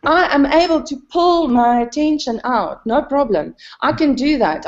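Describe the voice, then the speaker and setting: A woman's voice: animated, measured pace, hardly any pauses. Rambling woman in an echoey room. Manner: rambling, many fillers; self-deprecating, laughs often. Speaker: satsang participant. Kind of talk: candid spiritual conversation. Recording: dull, roomy, low-fidelity.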